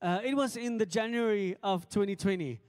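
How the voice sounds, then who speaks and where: High-voiced South African pastor, echoey hall. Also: male voice, a little mellow. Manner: halting, filler-heavy, self-deprecating jokes. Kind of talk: church welcome and announcements. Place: church hall service. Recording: echoey church hall with long reverb.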